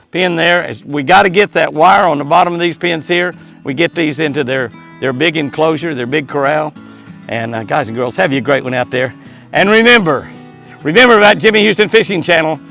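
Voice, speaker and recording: Older man, folksy ranch vlogger, gravelly tone, recorded outdoors. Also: fairly high pitch, fairly quick, sharp tone, faint music behind. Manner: chatty, folksy, chuckles often, talks to animals. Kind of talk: casual outdoor vlog narration. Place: outdoors by an animal pen at dusk.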